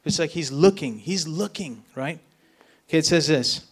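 A man with a husky, fairly high voice preaches expressively at a moderate pace during a church event. His casual storytelling sermon is thick with fillers like "like" and "right?", and he often checks in with the crowd.

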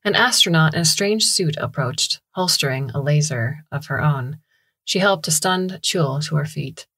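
Low, husky woman narrating a story. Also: moderate pace, a bit bright. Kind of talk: audiobook narration of a science fiction story.

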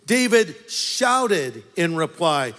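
A man's voice: fairly high pitch, big pitch swings, drawn-out words, a bit bright. A man preaching a sermon as pastor, telling a story with playful asides to the congregation. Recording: long hall reverb.

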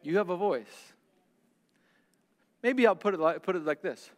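A male pastor preaching a sermon, swinging between loud declarations and hushed, slow lines. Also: high voice, animated, in a large hall.

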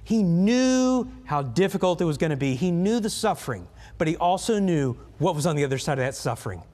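Lively man preaching a sermon with a high, swooping voice; long church-hall reverb. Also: fairly quick. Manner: animated, asks the congregation questions. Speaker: pastor. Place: church sanctuary.

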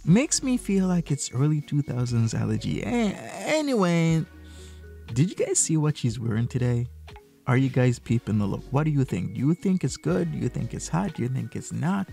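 A man's voice: medium pitch, animated, fairly quick, gravelly, mellow, soft background music. A man hosting a reaction commentary video, mocking and full of rhetorical questions. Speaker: commentary YouTuber.

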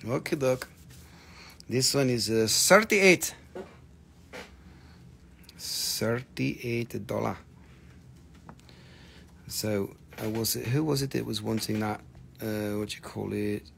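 Gravelly, excitable live-sale host. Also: male voice, on the low side, takes it slowly, long pauses, slight background noise. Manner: jokey, excitable, teasing viewers. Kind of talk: live-stream sales patter.

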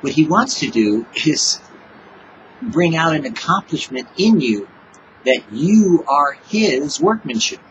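A man's voice: a little high, sing-song, takes it slowly, a bit bright, lo-fi sound, a little hiss or hum. A man giving an informal devotional sermon, talking casually and acting out little back-and-forth exchanges with God. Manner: conversational, acts out little dialogues with God. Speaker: preacher.

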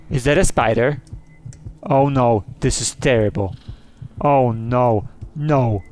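Slow-talking, gravelly man, easily spooked. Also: mid-range voice, a little mellow, slight background noise. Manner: jumpy, easily spooked, gasps and cries of "oh no". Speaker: gaming channel host. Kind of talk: let's play commentary.

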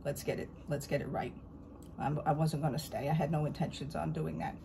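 A woman talking at home in a casual haul vlog, a rambling storyteller who keeps saying "I says" and turns loud and indignant over a grievance. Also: low voice, little pitch movement, fairly quick, vocal fry, background noise. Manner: gets loud and indignant when telling a grievance. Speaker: vlogger.

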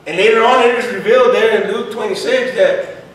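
A man preaching a sermon with fervor, at times breaking into shouts and dropping in Spanish words. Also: high-pitched, a little fast. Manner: fervent, rising to shouts, mixes in Spanish words. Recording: echoey room, voice far from the mic.

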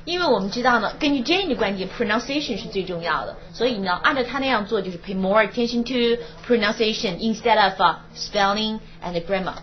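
A woman teaching a university English class, explaining in Mandarin and slowly reading English lines aloud. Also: medium pitch, animated. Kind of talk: classroom lecture. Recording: dull old classroom recording with faint hiss.

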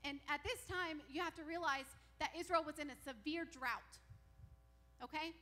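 Bright high-voiced woman preaching. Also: normal speed. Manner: animated storytelling, acting out the characters' quotes. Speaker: pastor. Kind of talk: sermon. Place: church sanctuary.

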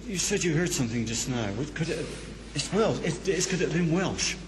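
A man acting as a medium on a ghost hunt, speaking in a halting, hesitant way. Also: fairly high pitch, lively intonation, a crowd in the background. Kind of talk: live ghost-hunt commentary. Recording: echoey room with clear background noise.

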